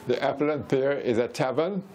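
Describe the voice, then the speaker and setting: A man interviewing family members in a relaxed, chatty way, with frequent murmurs of agreement. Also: medium pitch, brisk. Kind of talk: casual interview chat. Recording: crowd chatter behind.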